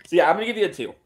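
A man's voice: sits high, slight background noise. A man co-hosting a casual podcast, blunt and profane, often laughing. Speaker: podcast co-host. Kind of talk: casual chat.

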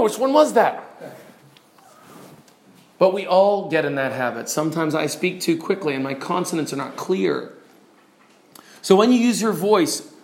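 Man, high voice, middle-aged, preaching instructor, demonstrative lecture. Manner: demonstrative, mimics examples, varies loudness for effect.

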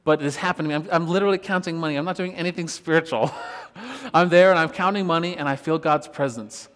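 A worship pastor telling a personal story in a relaxed, conversational sermon, laughing often as he talks. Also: fairly high pitch, fast talker. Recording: long reverb of a church hall.

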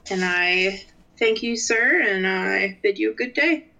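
A woman's voice: medium pitch, gravelly, sharp tone, low-quality recording. A woman playing her character in a tabletop game, speaking politely and without hurry. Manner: polite, unhurried in-character talk. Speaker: player.

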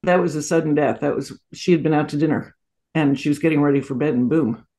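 A woman's voice: low-pitched, fast talker. A woman in her sixties, a guest in an interview, telling family stories anecdotally with frequent asides. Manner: warm anecdotal storytelling with frequent laughs and asides. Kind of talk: storytelling interview.

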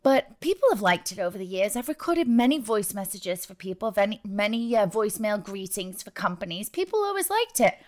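A woman in her thirties co-hosts a casual podcast. Her northern English accent is blended with New York, and she speaks briskly and matter-of-factly. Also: mid-range voice, very animated. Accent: northern English mixed with New York. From north of England. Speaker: podcast co-host.

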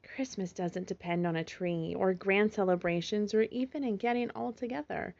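A woman voicing a gentle mother fox who talks in a calm, soothing, motherly way, in a slightly muffled recording. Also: medium pitch, moderate pace, gravelly.

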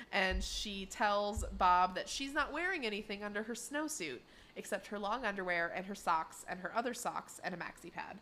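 A woman's voice: mid-range voice, moderate pace, slight background noise. A woman co-hosting a podcast, retelling a cartoon episode in casual chat and acting out the lines. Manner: animated retelling, acting out quotes. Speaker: podcast co-host recapping an episode.

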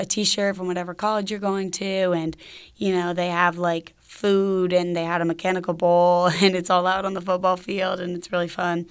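A woman's voice: on the low side, clean tone. A young woman from Georgia in the US, telling a personal story in a casual, chatty way with lots of "like" fillers. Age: young adult.

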